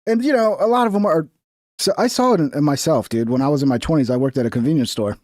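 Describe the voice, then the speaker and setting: A man's voice: fairly high pitch, fast talker, a little mellow, no room sound, studio quality. A man in his thirties from Texas, giving casual, profane, sarcastic commentary on clips.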